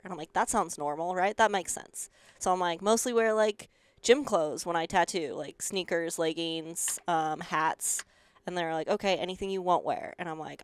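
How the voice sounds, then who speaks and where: A young woman from rural Colorado with a country twang, telling stories as an interview guest in an animated, sarcastic way, swearing freely and acting out the people she quotes. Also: fairly low pitch, moderate pace, smooth, no echo. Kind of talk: casual interview storytelling.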